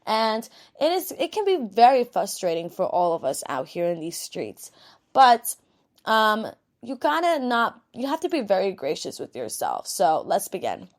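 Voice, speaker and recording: A woman's voice: mid-range voice, huge pitch swings, moderate pace. A young woman with a New York accent hosting a podcast, giving a candid, rambling pep talk, tired after a day of work and swearing freely. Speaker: podcast host. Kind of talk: casual self-help pep talk.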